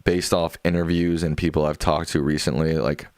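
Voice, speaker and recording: Young guy streaming, real low voice, dry close sound, rambles and reads chat. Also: little pitch movement, moderate pace, a little mellow, clean tone, no room sound. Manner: loose and rambling, with many fillers and restarts. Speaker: livestream host. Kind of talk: casual livestream chat reading viewer comments.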